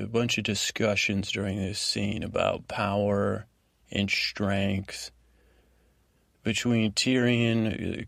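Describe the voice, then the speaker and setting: Man, podcast host, low gravelly voice, meandering bedtime monologue, halting restarts, dry close sound. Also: no echo. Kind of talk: rambling bedtime recap monologue.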